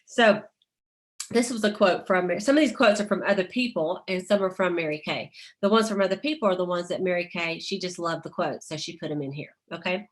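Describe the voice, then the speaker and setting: A middle-aged woman leading a motivational sales team call, chatty, laughing often and reading inspirational quotes aloud. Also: lowish voice.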